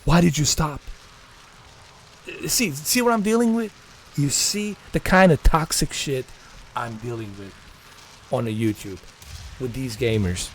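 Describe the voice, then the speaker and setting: A man's voice: medium pitch, measured pace, slight background noise. A man livestreaming gameplay, ranting in a repetitive, exasperated way and talking straight to his viewers. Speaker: gaming livestreamer. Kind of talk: live gameplay commentary.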